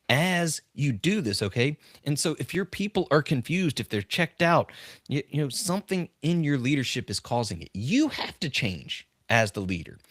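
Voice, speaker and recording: A middle-aged man talks leadership on a live-stream podcast, in a voice of ordinary pitch. He tells stories earnestly, hammering his main points through repetition. The recording is dry and close, with no room sound. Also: no echo. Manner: earnest, emphatic, repeats key phrases. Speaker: leadership coach and podcast host. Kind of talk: live-stream talk with storytelling.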